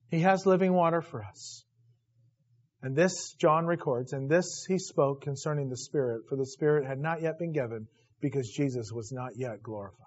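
A man preaching a sermon, telling stories with lively acted-out voices. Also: fairly high pitch, moderate pace. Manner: animated storytelling, acts out voices. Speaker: pastor. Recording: dull lo-fi recording.

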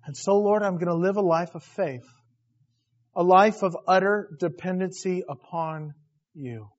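A man preaching a sermon, telling stories with lively acted-out voices. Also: high-pitched, measured pace. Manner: animated storytelling, acts out voices. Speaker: pastor. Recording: dull lo-fi recording.

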